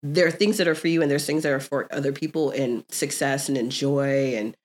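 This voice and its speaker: A woman's voice: a bass voice, fairly even intonation, a little fast. A young adult woman talking animatedly as a podcast guest. She laughs often and fills her talk with "like". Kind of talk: casual chat.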